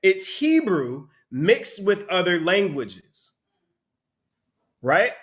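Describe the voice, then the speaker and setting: A man teaching a Bible study, explaining the text in an animated way and often asking "right?". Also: high voice, very slow. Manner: animated, asks rhetorical questions, repeats "right?". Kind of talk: sermon-style teaching with a reader.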